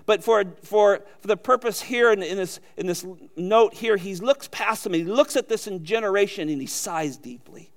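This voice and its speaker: A man delivers a sermon in a notably high voice. He rises to emphatic, louder peaks, then drops into quiet, low asides. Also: normal speed, few pauses. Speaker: pastor.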